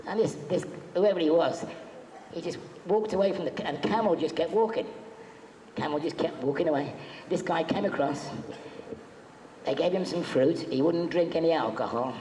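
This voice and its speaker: Here a convention panel guest shares jokey, chatty anecdotes with a live audience, voicing the quotes himself, in an echoey hall with faint background noise. His slightly high, somewhat mellow voice keeps a moderate pace and pauses often.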